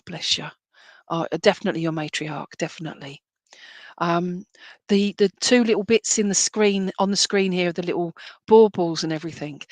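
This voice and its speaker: A woman's voice: on the low side, no echo. A woman working as a spiritualist medium, giving a chatty, affectionate live-streamed reading that rambles and restarts often. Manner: chatty, affectionate, addresses people as "my lovely".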